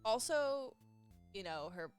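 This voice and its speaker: A woman's voice: on the high side, slow, clean tone, faint music behind. A young adult woman, a guest on a podcast, chatting casually and telling stories dramatically about films she has watched. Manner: expressive storyteller, dramatic. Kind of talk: casual chat.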